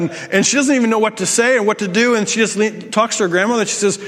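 A man's voice: high voice, quick pace, a bit bright, big-room sound. A male pastor telling a personal story in a sermon, with self-deprecating humor and frequent restarts.

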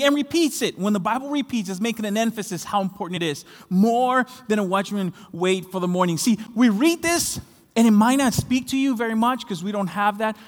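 Pastor, man from Latin America, higher voice, impassioned sermon delivery, long hall echo. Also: lively intonation, brisk. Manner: passionate preaching, rising to shouts on key phrases.

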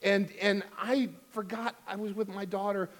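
A man's voice: sits high, flat delivery, moderate pace. A middle-aged man preaching a sermon as pastor, telling a funny family story and then urging giving with emphatic exhortation.

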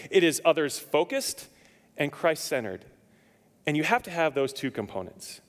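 A man's voice: a little high, very animated, moderate pace. A man preaching a sermon as pastor, telling stories with humor and acting out the dialogue for his congregation. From lived in Nevada, now Indiana. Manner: storytelling, acts out dialogue, jokes with congregation. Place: church. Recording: church sanctuary reverb.

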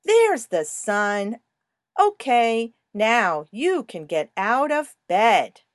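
A woman giving a slow, scripted language lesson in a clear, sing-song teaching voice. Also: a little high, very animated, no echo, clean studio sound.

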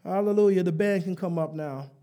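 A man preaching a live sermon, emphatic and rising to shouts, leading call and response and joking with the congregation. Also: high voice, fairly quick.

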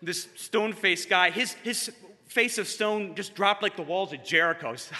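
A man telling a personal story to a live audience, animated and self-mocking, acting out the people in his stories. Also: sits high, normal speed, a little hiss or hum. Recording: long reverb in a hall.

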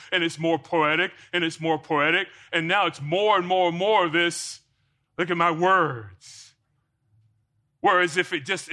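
Man preaching in a church, quizzing his listeners, ringing tone, pitched a bit high. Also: sharp tone. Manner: rhetorical questions to the congregation. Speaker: pastor. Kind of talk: sermon.

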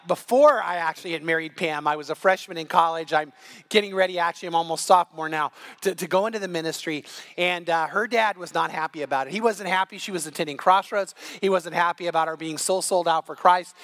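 A middle-aged pastor preaches a sermon, telling a story with an animated, rising delivery that climbs nearly to shouting. His voice is high and his pace fairly quick.

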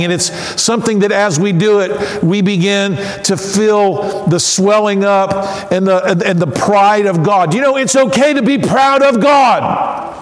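A male pastor preaching an animated sermon, building to shouted exclamations. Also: sits high. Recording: echoey hall.

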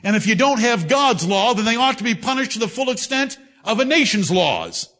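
A man preaching a sermon to a congregation, reading scripture with emphatic, drawn-out delivery. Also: very high-pitched, sing-song, bright, forceful tone. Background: congregation responses.

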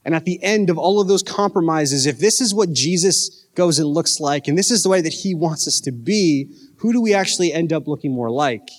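A man's voice: a little high, fairly quick, few pauses. A man preaching a casual youth sermon, joking and asking his listeners questions. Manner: casual, conversational preaching with jokes and questions to the audience. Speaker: youth pastor.

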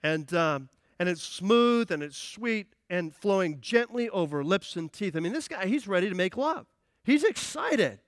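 High-voiced playful preacher man. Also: a little slow, no room sound, clean studio sound. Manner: energetic, playful, acts out quotes. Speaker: pastor. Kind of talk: sermon. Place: church.

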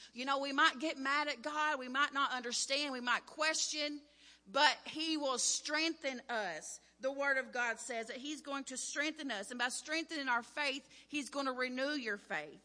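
High bright woman preaching in a reverberant hall. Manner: personal storytelling, earnest and emphatic. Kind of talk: sermon.

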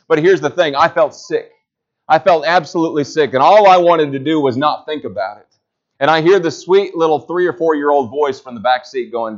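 A man preaching a sermon, rising to loud emphatic peaks and then dropping low. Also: a little fast. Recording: slightly dull lo-fi sound.

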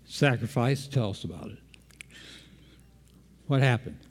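Male preacher, mid-pitched, conversational sermon delivery, quizzes the room, long hall reverb. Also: a little slow. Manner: engaging, quizzes the congregation.

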